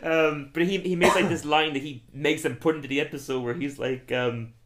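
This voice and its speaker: A man co-hosting a casual chat, animated and laughing often as he acts out quotes. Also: a little high, brisk. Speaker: podcast co-host.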